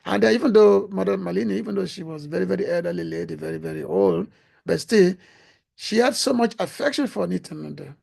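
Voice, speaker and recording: A man giving a devotional talk who is losing his voice, speaking haltingly with frequent pauses and restarts. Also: sits high, sing-song, vocal fry, darkish tone, husky. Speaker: religious speaker.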